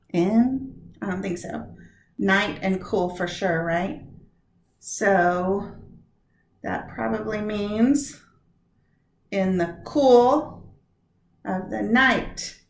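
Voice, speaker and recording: A woman teacher walks her listeners through a poetry lesson at a slow, unhurried pace. She stretches out words to show where the stress lands. The room around her voice is echoey. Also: mid-range voice, a little hiss or hum.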